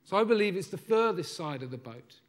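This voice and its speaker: A man preaching a sermon, telling a Bible story with lively, acted-out lines and asides to the congregation. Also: high-pitched, a little fast. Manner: animated storytelling, acts out the disciples' lines.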